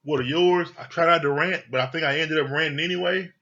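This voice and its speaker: A man rants through his review of a reality TV show in a fairly high voice, blunt and heavy on profanity. His delivery is casual and heated, like a vlogger venting to his viewers. The recording sounds dull and lo-fi. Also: fast talker, pushed and bright.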